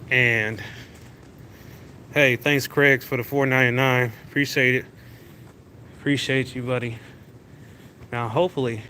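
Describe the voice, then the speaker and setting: A male livestream host with a mid-range, slightly bright voice chats easily to his viewers. He rambles casually while walking through a large indoor venue, speaking into a phone mic amid noisy background sound.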